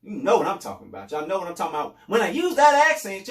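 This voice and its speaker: A man's voice: sits high, wildly swooping pitch, fast, reverberant, recorded from a distance. A man hosting a podcast, giving casual commentary in a loose, repetitive way with sarcastic asides. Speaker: podcast host.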